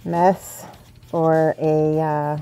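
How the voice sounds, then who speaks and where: A woman's voice: deep voice, little pitch movement, very slow, mellow, faint music behind. A woman hosting a livestream, chatting casually while she works, thinking aloud and laughing often. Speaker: livestream host painting models. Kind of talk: casual chat while working.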